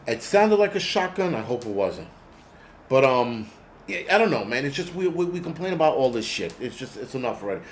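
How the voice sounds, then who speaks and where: A man's voice: medium pitch, sing-song, brisk, echoey room, slight background noise. A man hosting his own channel, ranting bluntly and angrily with a lot of swearing. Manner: profane, blunt, angry ranting. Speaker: host. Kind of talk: ranting monologue.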